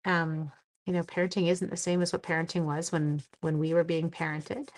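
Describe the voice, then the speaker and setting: A woman's voice: fairly low pitch, level tone, moderate pace. A woman in her forties hosting a casual craft live stream, chatting to viewers by name as she colors. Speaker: livestream craft host. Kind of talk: casual live stream chat while card making.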